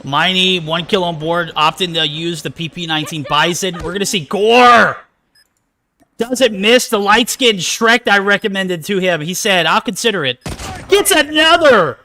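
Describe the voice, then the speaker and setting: A man with a high, bright, sharp voice calls a mobile shooter match live. He talks in hype slang and yells player names when the action swings. His delivery stays punchy throughout. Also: expressive, moderate pace, slight background noise. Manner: hype, slangy, shouts names at big plays. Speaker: esports caster. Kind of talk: live play-by-play commentary.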